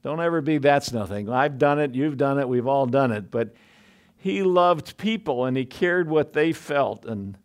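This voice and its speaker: A man's voice: medium pitch, a little slow. A man preaching a sermon in a conversational way, full of asides and restarts.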